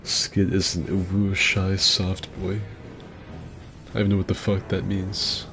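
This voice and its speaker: A man with a very low, gravelly voice that he himself compares to a chain smoker's, talking casually over game commentary. He jokes crudely and reads out chat between fights, with soft music playing behind him. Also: monotone, measured pace. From mixed heritage, partly Asian. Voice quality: gravelly, rough voice. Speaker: streamer hosting a game fight club.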